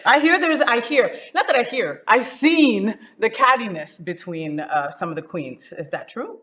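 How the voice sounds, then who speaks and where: A woman's voice: fairly high pitch, expressive, moderate pace, fairly bright tone. Brash teasing woman host. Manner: brash, teasing, swears freely. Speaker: talk show host. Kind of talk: casual interview chat.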